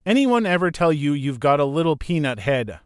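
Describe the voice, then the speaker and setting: A man's voice: on the high side, sing-song, a little fast, clean tone, no room sound, clean studio sound. A man voicing a kindly older man, a joking grandfather who teases easily. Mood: teasing. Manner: joking, easygoing teasing. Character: teasing older man, kind grandfather driver.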